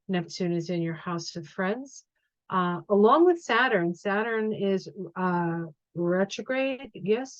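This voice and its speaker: A middle-aged woman who reads astrology and tarot talks casually to camera through a forecast in a lowish voice. She thinks aloud with frequent ums and restarts, and the recording is muffled with no room sound.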